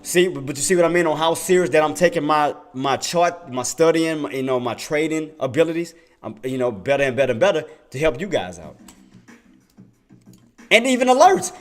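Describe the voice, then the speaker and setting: A man's voice: on the high side, fairly quick, few pauses. A man giving casual trading commentary to his viewers, repeating himself emphatically. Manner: repetitive, emphatic, addresses viewers as y'all. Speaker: day trader and livestream host.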